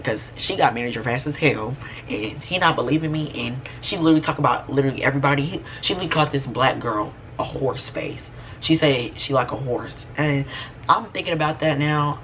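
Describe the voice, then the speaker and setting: A young man telling a sassy, animated story about a past job, in a casual storytime vlog. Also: medium pitch, a little hiss or hum. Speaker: vlogger.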